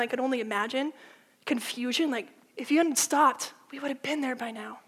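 A woman preaching a sermon in a casual, animated storytelling way, full of "like", swinging between loud and hushed. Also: high-pitched. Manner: informal, with frequent "like".

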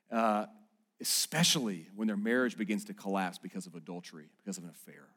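A pastor in his thirties delivers a sermon to his congregation, moving between casual, joking asides and loud, emphatic points. His voice sits at an ordinary middle pitch for a man. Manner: conversational, animated preaching with rising emphasis; playful asides and mock quotes to the audience.

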